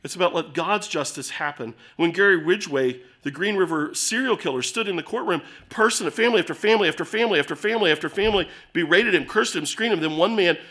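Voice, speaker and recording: A middle-aged man preaching a sermon as pastor, emphatic, swinging between loud urging and hushed storytelling. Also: sits high, quick pace, few pauses.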